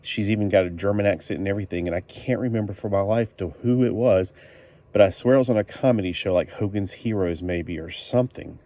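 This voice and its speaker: A man with a low voice walks through an old comic book in a casual, rambling way. He stops often with fillers and corrects himself as he goes. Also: fast, mellow, no room sound.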